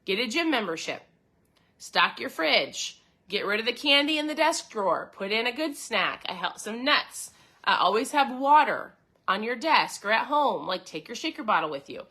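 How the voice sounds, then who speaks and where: A woman's voice: a little high, very animated, moderate pace, pushed and bright, husky. A woman hosting a podcast in a casual, enthusiastic talk, speaking straight to her listeners and reading passages from a book. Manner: chatty, enthusiastic, addresses listeners directly. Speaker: podcast host.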